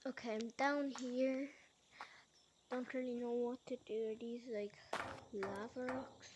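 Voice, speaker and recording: A woman's voice: fairly high pitch, fairly even intonation, slow, very noisy. A woman giving casual, rambling gameplay commentary as a channel host, with frequent fillers.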